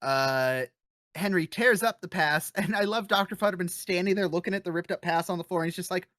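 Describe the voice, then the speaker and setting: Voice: medium pitch, fairly quick, no room sound. Dry-sounding podcast host recapping. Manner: lively storyteller with frequent laughs and fillers. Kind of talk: casual episode recap.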